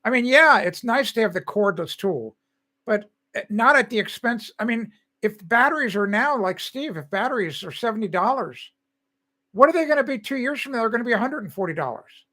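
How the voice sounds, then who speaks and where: A man's voice: very high voice, lively intonation, fairly quick, sharp tone. Rambling older man hosting a live stream. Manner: rambling, chatty, laughs often. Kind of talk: casual chat with live viewers.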